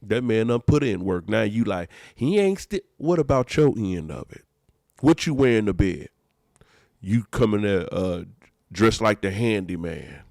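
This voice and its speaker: A man's voice: fairly low pitch, lively intonation, unhurried, vocal fry, a little mellow, no echo, studio quality. A man, a pastor hosting a podcast, preaching emphatically in casual talk and repeating his phrases.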